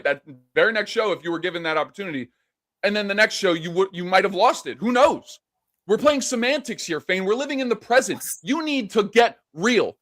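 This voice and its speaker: A man's voice: sits high, fairly bright tone. A man, a professional wrestler, trading in-character trash talk in a taunting, profane, lecturing way.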